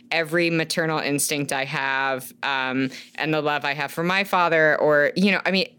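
A woman's voice: sits low, a bit bright, clear, resonant tone. A woman co-hosting a casual podcast, often gasping and laughing in theatrical shock. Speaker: podcast co-host.

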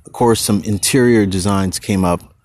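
A man hosting his own podcast, talking casually and rambling into tangents with a husky voice and slangy manner. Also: on the low side, normal speed, darkish tone. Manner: goes on tangents, restarts, slangy. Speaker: podcast host.

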